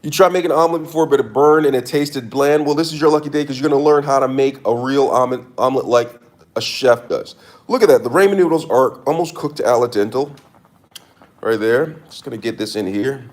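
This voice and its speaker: A man's voice: medium pitch, fairly quick, a little mellow. A man doing a casual cooking demo in his kitchen, hamming it up with mock-serious tips and repeated catchphrases. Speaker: cooking vlogger. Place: home kitchen.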